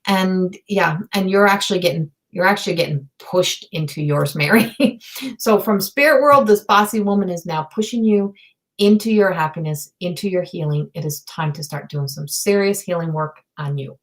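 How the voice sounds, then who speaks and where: A woman giving live intuitive readings as a medium, talking in a soft, searching way full of fillers and restarts, sometimes dropping to a near whisper. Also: fairly low pitch, moderate pace, poor audio. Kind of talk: live-streamed psychic reading.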